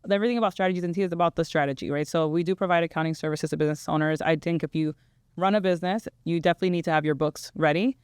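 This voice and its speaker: Brisk, smooth-voiced woman explaining finances. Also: deep voice, steady tone, darkish tone, dry recording, clean studio sound. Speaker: guest, accountant and money coach. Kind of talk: interview answers.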